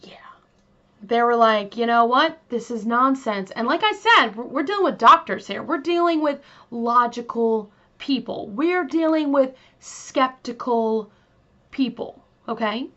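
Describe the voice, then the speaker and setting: A woman with a slightly raised voice tells a true crime story at an unhurried, drawn-out pace. She chats with her listeners as she goes and fills the story with asides and fillers. The recording sounds a little dull and lo-fi. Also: a little high, animated, sharp tone. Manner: chatty, many fillers, talks to listeners directly. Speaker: true crime podcast host. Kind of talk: casual storytelling.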